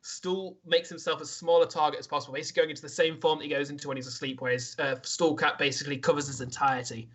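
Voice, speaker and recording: A man running a tabletop fantasy game, narrating the action in a bright, slightly higher voice. He talks steadily and often hesitates on small fillers while he checks the rules. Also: steady tone, a little hiss or hum. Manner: measured narration with frequent fillers. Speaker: dungeon master.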